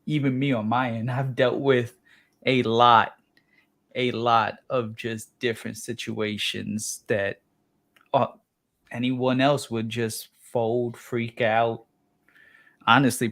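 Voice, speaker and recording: Man, casual chat, candid, slow, monotone. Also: medium pitch.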